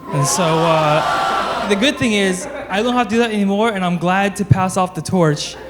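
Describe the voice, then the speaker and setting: Teasing friend over clear music. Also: male voice, high voice, moderate pace. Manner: teasing, laughing through his jokes. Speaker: friend giving a wedding toast. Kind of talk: casual wedding speech.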